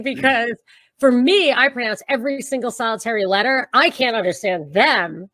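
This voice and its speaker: A woman's voice: on the high side, no echo. A woman with a Brooklyn New York accent, chatting as a guest and telling stories with a ready laugh over a video call. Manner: animated storyteller, quick laugh. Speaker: podcast guest, radio host. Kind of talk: casual chat.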